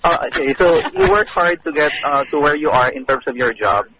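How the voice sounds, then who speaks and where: A man's voice: fairly high pitch, wildly swooping pitch, a little fast. A man with a Filipino accent calling in to a radio show, explaining his view with hesitant fillers. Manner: hesitant, mixing Tagalog and English. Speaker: caller. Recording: dull radio call with crowd noise behind.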